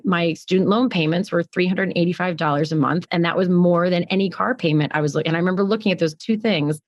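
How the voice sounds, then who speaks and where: A woman's voice: lowish voice, dry recording, lo-fi sound. A woman co-hosting a podcast, thinking aloud in casual reflective chat with frequent restarts. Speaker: podcast co-host.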